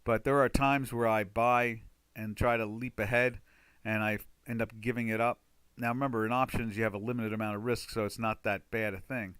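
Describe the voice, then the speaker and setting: Man, bright forceful voice, dry close sound, casual rambling webinar host. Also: lowish voice, flat delivery, a little fast, smooth, dry recording. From United States. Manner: chatty, rambling, exclaims loudly in frustration. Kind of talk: casual live webinar talk.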